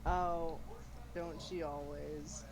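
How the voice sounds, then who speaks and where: A woman chatting casually beside a streamer, mostly with quick short reactions and some swearing. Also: deep voice, little pitch movement, a crowd in the background, poor audio. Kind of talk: casual chat while gaming.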